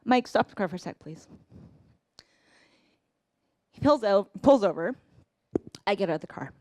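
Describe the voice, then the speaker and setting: A woman's voice: medium pitch, animated, normal speed, a little mellow, dry recording. A woman in her forties telling a personal family story, earnest and reflective, acting out bits of dialogue.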